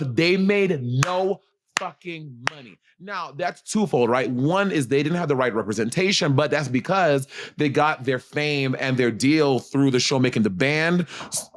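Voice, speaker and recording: New York man co-host, blunt, swears a lot, loose podcast chat at home. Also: mid-range voice. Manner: chatty, blunt, swears freely. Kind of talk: casual chat.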